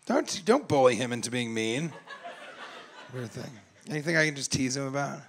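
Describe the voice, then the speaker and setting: A man's voice: mid-range voice, big pitch swings, moderate pace, slight background noise. A man doing crowd work in stand-up comedy at a club, brash and profane, teasing people in the audience and slipping into mocking voices of them. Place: comedy club stage before a live audience.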